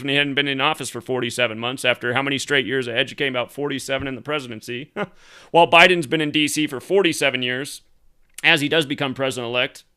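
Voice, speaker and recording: A man's voice: medium pitch, steady tone, quick pace, pushed and bright, smooth. A man hosting a solo commentary show, ranting angrily and swearing often. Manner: angry, profane, emphatic ranting. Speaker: conspiracy commentary host.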